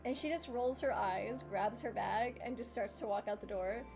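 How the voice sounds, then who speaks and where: A woman narrating a tabletop game as game master, giggly and animated. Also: fairly high pitch, normal speed, vocal fry, music in the background.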